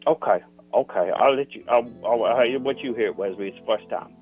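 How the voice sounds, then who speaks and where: A man's voice: mid-range voice, brisk, husky, faint music behind, lightly acted. A man playing a boastful rock musician who calls in, rambling and stammering. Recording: tinny phone line.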